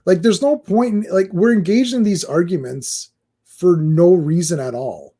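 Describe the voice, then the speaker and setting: A man co-hosting a podcast in casual chat, animated, who acts out other people's complaints in mocking voices. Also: high voice, measured pace, breathy edge. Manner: animated, mimics fans in mocking quoted voices. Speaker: podcast co-host.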